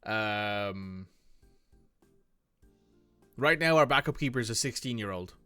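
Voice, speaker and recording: Gaming streamer, male, bright crisp voice, chatty think-aloud delivery, dry close mic. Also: lowish voice, lively intonation, slow pace, dry recording, faint music behind. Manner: chatty, thinks aloud, reacts to match play. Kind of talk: casual let's-play commentary.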